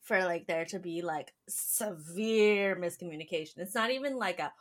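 A woman's voice: on the low side, moderate pace. Chatty woman podcast host. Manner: chatty, filler-heavy, laughs often. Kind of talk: casual podcast chat.

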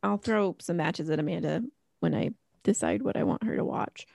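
A woman's voice: fairly low pitch, moderate pace, vocal fry, warm tone, no room sound, studio quality. A middle-aged woman co-hosting a podcast, chatting casually and rambling with lots of fillers. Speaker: podcast co-host. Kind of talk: casual chat.

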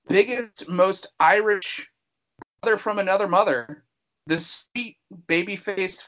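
Playful man hosting a podcast, higher voice. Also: fairly bright tone, rough recording. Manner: playful, showman-like, rambling with restarts. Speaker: podcast host. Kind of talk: casual podcast chat about a horror film.

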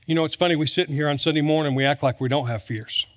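A pastor with a fairly high voice preaches a sermon very fast, telling humorous stories and repeating lines for emphasis.

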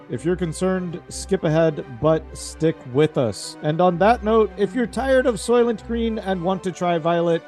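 A man's voice: a little high, a little mellow. A man running a tabletop horror game as game master, jokey and laughing easily, restarting his sentences.

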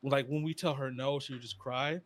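A young man chatting casually as a podcast co-host, rambling through stories with slang and sudden animated bursts. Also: mid-range voice, moderate pace. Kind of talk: casual chat.

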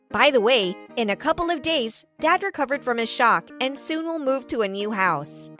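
A woman narrating an animated story in the first person with a dramatic storybook delivery. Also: sits high.

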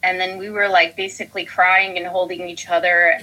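A woman's voice: fairly low pitch, level tone, a little fast, pushed and bright, poor audio. A young woman co-hosting a podcast, telling a story in casual chat and acting out her own panicked quotes. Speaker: podcast co-host.

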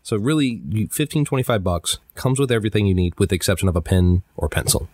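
A man's voice: lowish voice, lively intonation, fast talker, a little mellow, no room sound, studio quality. A man co-hosting a casual podcast chat, laughing and teasing his co-host.

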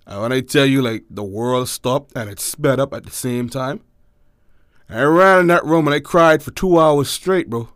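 A young man telling a personal story in casual chat, animated and acting out quotes. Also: moderate pace, clear, resonant tone, no room sound, clean studio sound. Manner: animated, acts out quotes in high voices.

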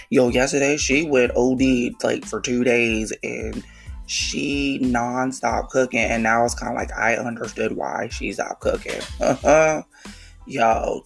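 Croaky, hyped New podcast host. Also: mid-range voice. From New York City. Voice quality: croaky, frog-like voice. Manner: hyped, slangy, rapid shout-outs. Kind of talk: casual podcast monologue.

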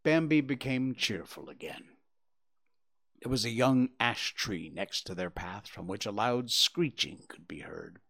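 A man reading a children's story aloud with expressive, gentle narration. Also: on the low side, a little slow.

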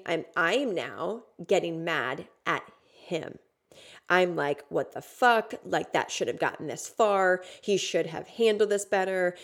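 A woman hosting a podcast, telling a personal story in a candid, casual way with lots of fillers and swearing. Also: fairly low pitch. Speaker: podcast host.

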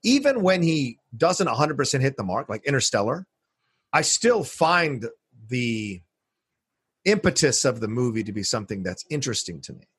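A man co-hosting a casual film discussion podcast, emphatic and quick to chime in. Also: mid-range voice, very animated, a bit bright, husky, no room sound, clean studio sound. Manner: emphatic, quick agreeing interjections. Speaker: podcast co-host.

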